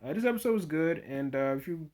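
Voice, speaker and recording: A man's voice: a little high, lively intonation, quick pace, darkish tone, slight background noise. Rambling man reviewing a TV episode. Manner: rambling, many "you know" fillers and restarts. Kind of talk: casual spoken review.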